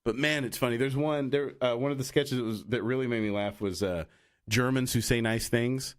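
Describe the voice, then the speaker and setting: A man's voice: medium pitch, brisk. Rambling man chatting on a podcast. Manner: rambling, many tangents and restarts; acts out quoted voices. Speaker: podcast co-host. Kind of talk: casual chat.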